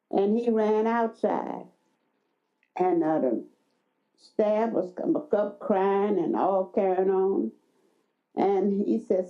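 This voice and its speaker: An older woman slowly recounting a personal memory in an interview, often quoting what others said. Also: mid-range voice. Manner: slow storytelling, quoting others. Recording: dull lo-fi sound.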